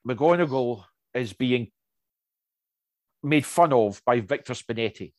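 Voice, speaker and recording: A man chatting casually and telling anecdotes, lively, with many restarts and asides. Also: medium pitch, takes it slowly, no room sound. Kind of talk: casual chat.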